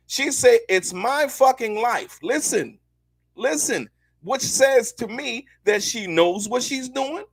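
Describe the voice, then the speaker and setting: A man's voice: very high-pitched, creaky, no echo. A man hosting a live show, commenting on court news in a loose, slangy way, repeating himself and talking straight to his viewers.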